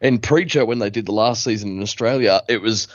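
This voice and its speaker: A man's voice: lowish voice, a little fast, no echo. Rambling co-host man, dry dull mic. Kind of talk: casual chat.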